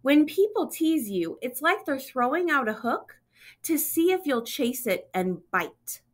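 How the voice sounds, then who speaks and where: A woman's voice: high voice, big pitch swings, a little slow, pitched above the performer's own voice. A woman voicing a kind old grandmother. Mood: patient. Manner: warm, patient, teaching.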